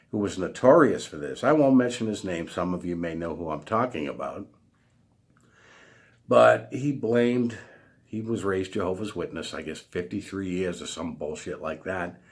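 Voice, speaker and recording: A man with a fairly low voice tells a story in a casual monologue. His pitch rises and falls a lot. He sounds blunt, exasperated and a bit salty. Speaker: vlogger.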